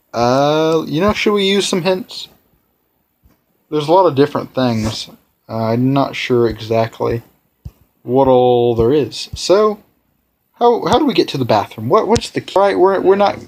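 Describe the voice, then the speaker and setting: A man hosting a let's play, rambling and correcting himself as he plays, with excitable outbursts. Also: mid-range voice. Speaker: gaming channel host.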